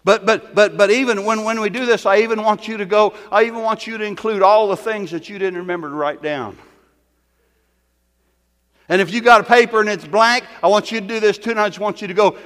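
High-voiced man preaching in a reverberant hall. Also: brisk. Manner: swings between quiet teaching and loud fervent exhorting. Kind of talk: sermon. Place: church.

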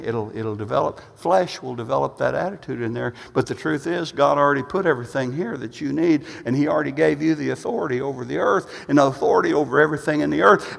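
A male pastor preaching a sermon, emphatic, swinging from loud bursts to low asides and repeating phrases as he builds. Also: quick pace, vocal fry, hardly any pauses. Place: church sanctuary. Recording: long reverb of a church hall.

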